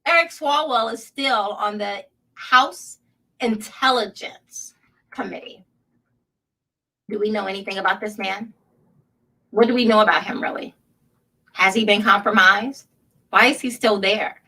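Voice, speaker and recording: A woman's voice: medium pitch, unhurried, pauses often, sharp tone, distant mic, rough recording. A woman hosting a political commentary show, sarcastic and laughing often as she reads headlines aloud. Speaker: show host.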